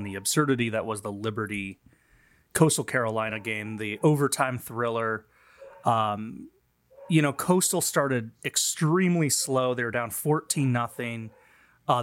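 A man's voice: mid-range voice, a bit bright. A man co-hosting a sports podcast, talking through games in a chatty way with lots of fillers. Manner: chatty, laughs easily, many fillers. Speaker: podcast co-host. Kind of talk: casual sports chat.

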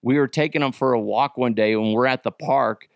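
Male comedy podcast host, mid-pitched, rambling casual chat, dry close sound. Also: a little fast, clean tone, no room sound. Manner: rambling, with many restarts and asides.

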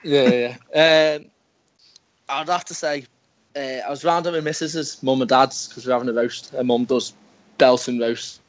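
A man co-hosting a podcast, telling a crude story in casual banter and breaking into shouted squeals as he acts it out. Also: steady tone, normal speed, highs cut off. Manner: crude storytelling, bursts into shouted high squeals when acting out scenes. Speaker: podcast co-host.

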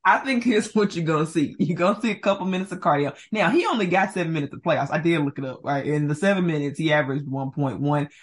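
A woman's voice: low voice, lively intonation, quick pace, few pauses. A woman co-hosting a sports podcast in casual chat, talkative and laughing often. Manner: chatty, laughs often, hedging with "like". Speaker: podcast co-host.

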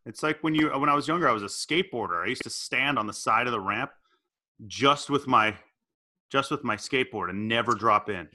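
A man co-hosting a casual comedic chat, telling animated stories and jumping up in pitch whenever he quotes someone. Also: fairly quick. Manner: animated storyteller, jumps up in pitch for quoted voices. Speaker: podcast co-host.

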